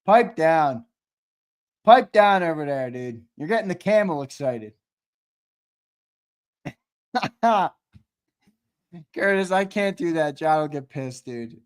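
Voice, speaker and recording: A man's voice: on the high side, lively intonation, slow, long pauses, clean tone. Brash, profane man hosting a livestream. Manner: brash and profane, with trash talk; reads out and answers the live chat. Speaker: sports show host. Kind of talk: casual livestream chat.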